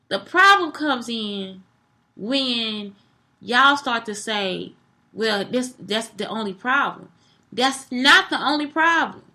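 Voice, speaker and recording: Woman, high-pitched, bright, blunt, animated, swearing, casual monologue.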